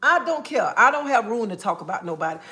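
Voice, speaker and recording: Talking fast in a slightly high, sing-song voice with a sharp edge, an adult woman who is a mother rants on a live stream. She's blunt and sassy, calls viewers honey and baby, and punctuates each point with "okay?"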